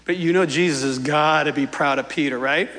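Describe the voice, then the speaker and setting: A man preaching a sermon in a playful, animated way, acting out the quoted lines as he goes. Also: fairly high pitch, brisk, big-room sound. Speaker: pastor.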